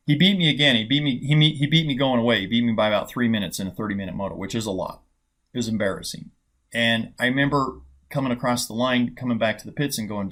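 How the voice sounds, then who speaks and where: A man's voice: medium pitch, fast, fairly bright tone. Man telling a story, chatty with restarts. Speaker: trading coach. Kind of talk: casual storytelling monologue.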